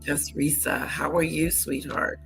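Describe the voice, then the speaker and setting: A woman's voice: sits low, flat delivery, a little slow, vocal fry, a bit bright, soft background music. A woman hosting a casual livestream, chatting to viewers and repeating greetings to them. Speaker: livestream host. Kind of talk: casual live-stream chat.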